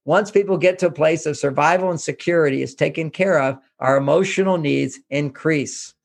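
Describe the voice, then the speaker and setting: An older man from Houston, Texas, gives self-help advice as an interview guest. His voice sits a little high for a man and has a gravelly, creaky edge. He talks earnestly and drives each point home by repeating it. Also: moderate pace. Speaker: author and relationship guest.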